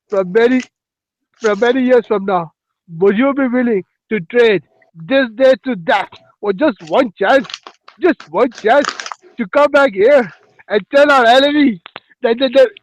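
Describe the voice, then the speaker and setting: A man's voice: very high-pitched, fairly bright tone, pitched above the performer's own voice, full character voice, low-quality recording. A man voicing a bold Scottish warrior in an attempted Scottish accent, declaiming a rallying speech.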